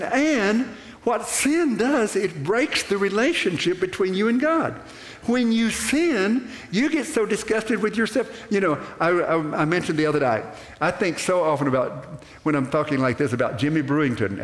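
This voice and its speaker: An older man preaching a sermon to a congregation, animated and rambling, with restarts and acted-out asides. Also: a little high. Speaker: pastor. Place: church sanctuary. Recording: echoey church hall.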